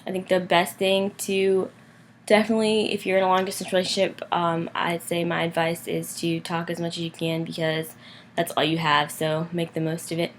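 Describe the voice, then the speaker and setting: A young woman chats casually for a vlog, her voice sitting a touch low. She talks loosely, leaning on "like" and "um". A faint hiss runs under the recording. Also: completely flat delivery, normal speed. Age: young adult. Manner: chatty, lots of "like" and "um". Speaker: vlogger. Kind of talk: casual chat.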